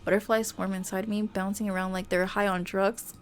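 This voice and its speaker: A woman streamer reading a romance game aloud, animated and playful, often breaking off to joke with her viewers. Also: mid-range voice, brisk. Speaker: VTuber streamer.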